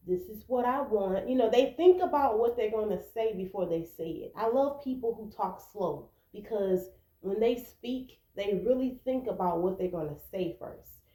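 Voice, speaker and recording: A woman's voice: fairly high pitch, warm tone, roomy sound, poor audio. A woman vlogger talking to camera, giving earnest relationship advice and acting out quoted arguments. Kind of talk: casual advice talk to camera.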